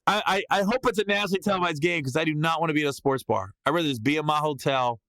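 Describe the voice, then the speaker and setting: A man hosting a podcast, telling a comedic story in a lively way and breaking into loud yelled reenactments. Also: a little high, rapid-fire, no room sound. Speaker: podcast host.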